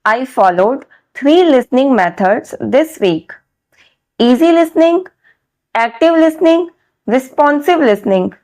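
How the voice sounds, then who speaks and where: A woman vlogger narrating a scripted vlog about her English practice, speaking slowly and deliberately with careful pronunciation. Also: sits high, lively intonation, darkish tone.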